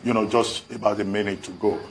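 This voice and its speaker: A man's voice: fairly low pitch, steady tone, fairly quick, a little hiss or hum. A man hosting a TV interview, politely steering his guest to wrap up.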